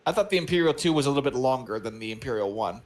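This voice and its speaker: A man's voice: medium pitch, animated, very fast. A man co-hosting a movie watch-along, rambling and joking as he searches for words. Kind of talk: casual chat.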